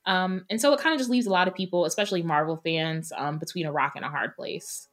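A woman co-hosting a podcast roundtable, talking in an emphatic, opinionated, animated way. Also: lowish voice, quick pace. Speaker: podcast co-host. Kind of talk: casual roundtable chat.

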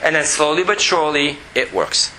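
A middle-aged man teaching a spoken Torah class, animated and repetitive, sometimes dropping to a quiet, even monotone. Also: on the high side, normal speed. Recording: roomy echo with faint background noise.

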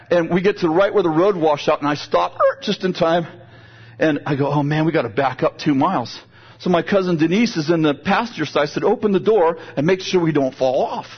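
A man preaching a sermon, telling a lively personal story and moving into prayer, with a husky voice. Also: a little high, fairly quick, dull audio.

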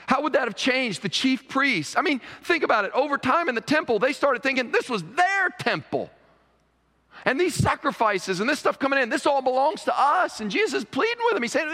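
Pastor preaching in reverberant church. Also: male voice, sits high, very animated, a little fast, creaky, bright, forceful tone. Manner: conversational preaching, rising to emphatic pleading. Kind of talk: sermon. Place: church sanctuary. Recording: long reverb of a church sanctuary.

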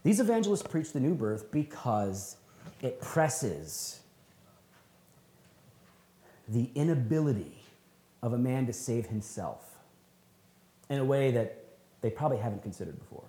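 A man preaching a sermon at a men's retreat, animated and conversational, with folksy slang and laughing asides. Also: medium pitch, moderate pace, echoey room. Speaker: pastor.

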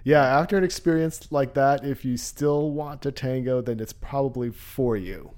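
A man in casual conversation as interviewer, giving brief reactions and unhurried remarks. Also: medium pitch, darkish tone.

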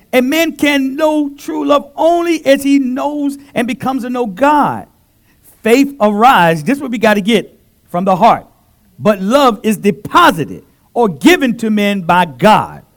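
High, lively preacher in full swing. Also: male voice. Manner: call-and-response preaching, swinging from loud exclamations to soft asides. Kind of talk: sermon. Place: church. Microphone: handheld mic.

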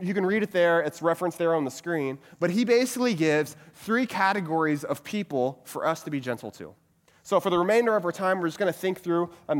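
A man giving a sermon-style teaching talk, asking many rhetorical questions and repeating a catchphrase. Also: a little high. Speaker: pastor teaching a group. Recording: long reverb of a hall.

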